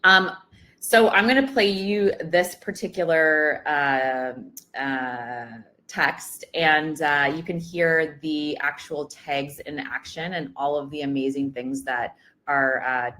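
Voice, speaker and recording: A woman's voice: deep voice, fairly even intonation, slow, bright, forceful tone. A woman presenting a product demo webinar in a casual way, with many ums and uhs.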